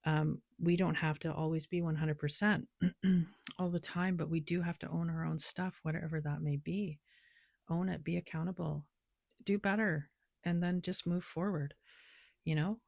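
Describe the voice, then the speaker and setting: A woman's voice: deep voice, fairly even intonation, moderate pace, gravelly, darkish tone, no echo, studio quality. A woman who reads tarot and oracle cards, talking loosely and rambling with lots of filler words in a casual spiritual vlog. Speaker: tarot and oracle card reader.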